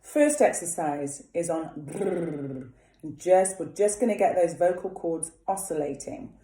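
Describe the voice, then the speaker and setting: Woman coach talking thru vocal warmups, slow and mellow, kinda echoey room. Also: lowish voice. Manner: relaxed, chatty, demonstrating vocal exercises. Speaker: singing teacher. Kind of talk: vocal warm-up lesson.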